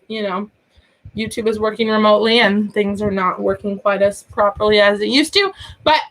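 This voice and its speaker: A woman's voice: fairly high pitch, a bit bright. Chatty woman host with a sore throat. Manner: chatty and rambling, laughs often. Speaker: online teacher and channel host. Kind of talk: casual live-stream chat.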